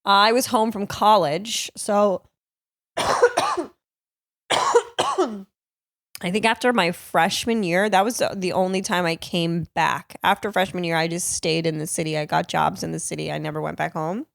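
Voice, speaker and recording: With a low, creaky voice, a measured pace, and frequent pauses, a comedian and podcast host from Cape Cod, Massachusetts, tells casual stories on her own show into a close mic. She's profane, laughs a lot, and stays animated throughout. The recording is dry.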